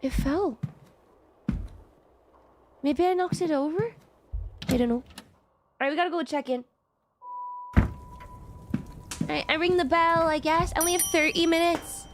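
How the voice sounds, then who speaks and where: A woman's voice: extremely high pitch, measured pace, long pauses, a little hiss or hum. A young woman streamer chatting casually as she plays a game, rambling and answering chat with laughs. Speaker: VTuber streamer.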